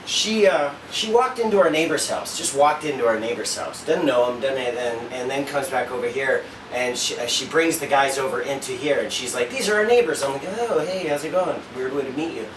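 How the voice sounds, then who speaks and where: A father and husband tells a casual story in an animated, profane way, cursing and acting out quoted dialogue. His medium-pitched voice moves fairly quickly with hardly any pauses. The recording has a roomy echo, a distant mic, and faint noise.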